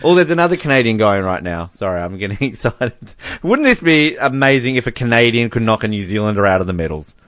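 A man's voice: on the low side, expressive, fast talker, fairly bright tone, no echo, studio quality. A man co-hosting a casual podcast, joking and laughing often as he reads out fan messages. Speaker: podcast co-host. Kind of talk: casual chat.

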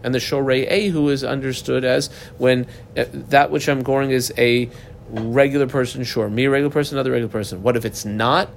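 A man's voice: medium pitch, steady tone, brisk, creaky, slight background noise. A man teaching a Talmud class, reading Aramaic lines aloud and then explaining them in plain English.

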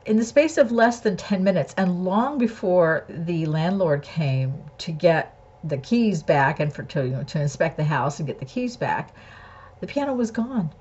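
A woman with a low, breathy voice talks candidly and earnestly, telling a personal story and turning it into a spiritual lesson. Her recording sounds slightly dull and lo-fi. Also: lively intonation, normal speed, a little mellow.

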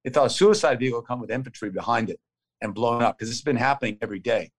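A man's voice: medium pitch, expressive. Man in his fifties retelling a story. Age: 50s. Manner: vivid, urgent play-by-play retelling of combat; fast, clipped phrases with restarts. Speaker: interview guest. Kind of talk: conversational storytelling.

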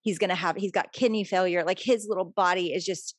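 A woman's voice: fairly low pitch, a little fast, no room sound, studio quality. A middle-aged woman author talking earnestly and openly as a guest in a conversation. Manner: earnest, confessional, animated when telling stories. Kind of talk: conversational interview.

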